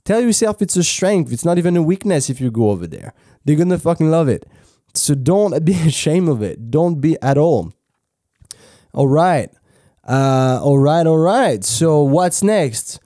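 A man's voice: fairly high pitch, expressive, a little slow, warm tone, dry recording, clean studio sound. A man from France with a French accent, hosting a podcast in a casual advice monologue; laid-back, swearing freely and often restarting his sentences. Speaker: podcast host.

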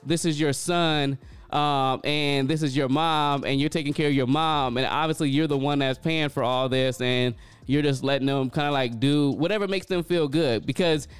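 A man's voice: fairly high pitch, clean tone, dry recording. A man, telling a casual story in a loose, chatty way full of filler phrases.

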